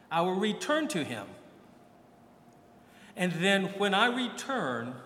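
A man with a high-pitched voice preaches a sermon at an unhurried pace, slipping into lively quoted voices as he tells the story. He is recorded in a church, with a long reverberant tail behind every phrase. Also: slight background noise. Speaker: priest. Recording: echoey church hall.

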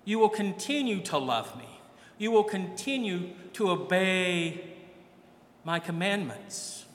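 Male priest, high voice, slow deliberate delivery, echoey church recording. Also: lively intonation, fairly bright tone, slight background noise. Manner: conversational preaching, acts out quoted voices. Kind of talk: sermon.

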